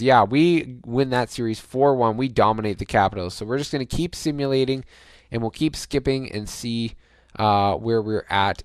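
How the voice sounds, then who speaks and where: A man hosting a gaming channel, chatting casually as he plays a hockey game, thinking aloud with fillers and bursts of excitement. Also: mid-range voice, clear, resonant tone, no room sound, studio quality. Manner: chatty, cheers on his team, bursts of excitement. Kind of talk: casual let's-play commentary.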